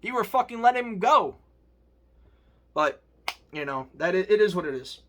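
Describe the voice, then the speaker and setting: A man's voice: sits high, big pitch swings, moderate pace, fairly bright tone. A man, a sports vlogger, ranting angrily and profanely to his viewers as a fan. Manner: angry, profane, emphatic.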